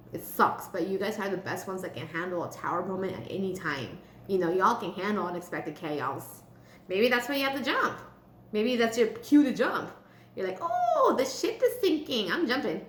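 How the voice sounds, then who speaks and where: A woman giving a casual tarot reading for a star sign. She is chatty and blunt, with casual swearing. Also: medium pitch. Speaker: tarot reader. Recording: echoey room with faint hum.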